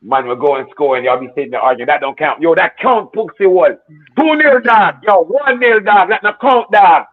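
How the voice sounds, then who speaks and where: A man hosting a football watchalong, telling animated stories with plenty of swearing. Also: high-pitched, normal speed, dry recording, phone-quality sound. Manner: animated storytelling, heavy swearing, acts out quotes. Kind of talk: casual watchalong chat.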